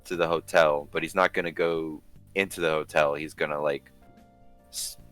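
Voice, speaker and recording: Deep-voiced man planning his move aloud. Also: fairly even intonation, fairly bright tone, faint music behind. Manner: thinking aloud, pausing with ums and restarts. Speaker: tabletop game player. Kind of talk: describing his character's actions in casual play.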